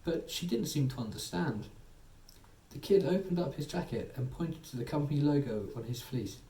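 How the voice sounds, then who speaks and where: A man reads a soothing bedtime story in a soft, mellow voice. He sits back from the mic in an echoey room with a faint hum of ambience. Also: mid-range voice, expressive, normal speed, distant mic. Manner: soothing, gently voicing characters.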